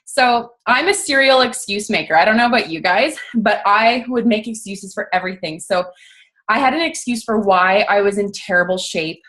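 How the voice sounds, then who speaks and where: A woman's voice: mid-range voice, normal speed, fairly bright tone. A young woman giving a casual motivational talk, chatty and self-mocking, full of "like" and acted-out quotes. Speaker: guest speaker on a coaching team call.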